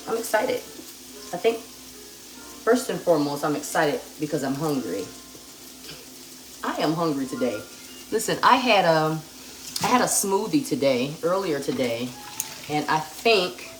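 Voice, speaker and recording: A woman hosting a live cooking demonstration, calm and chatty as she talks straight to her viewers. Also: medium pitch. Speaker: cooking show host. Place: home kitchen. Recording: echoey kitchen with sizzling pan noise. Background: frying and sizzling from the pan.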